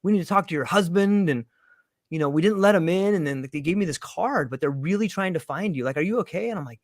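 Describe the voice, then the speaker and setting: A panel guest with a slightly high voice tells a personal story in casual chat, speaking quickly and lively while acting out the voices of the people involved. The audio is close and dry, with no room sound.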